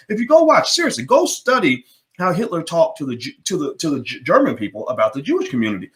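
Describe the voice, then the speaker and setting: A man's voice: a little high, wildly swooping pitch, fast talker, a bit bright. A man hosting a political commentary monologue, emphatic and repeating words as he presses his points. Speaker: commentary channel host.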